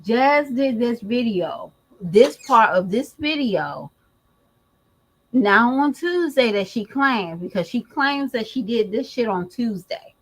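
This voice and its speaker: A fairly high-voiced woman vlogger talking in a slangy, emphatic way. She speaks slowly and draws her words out, laughing as she gossips. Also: expressive, a bit bright, low-quality recording. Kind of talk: casual gossip commentary.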